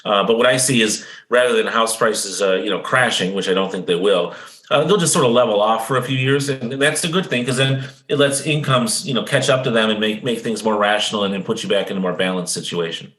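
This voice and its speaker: Man, economist guest, quick confident explaining, roomy echo. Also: fairly low pitch, a bit bright. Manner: fast, confident, lecturing, seeks agreement with "right?". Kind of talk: explanatory interview talk. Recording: echoey room.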